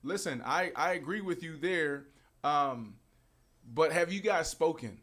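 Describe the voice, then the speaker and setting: A man's voice: fairly high pitch, animated, unhurried, a bit bright. A male podcast host asking questions in loose, conversational chat. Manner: loose, conversational, repeats words as he starts. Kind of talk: casual interview chat.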